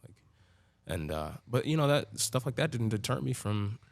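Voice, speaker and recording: A man's voice: mid-range voice, sing-song, normal speed, gravelly, no room sound. A man telling his own story as a podcast guest in a loose, profane way, full of filler words. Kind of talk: casual storytelling.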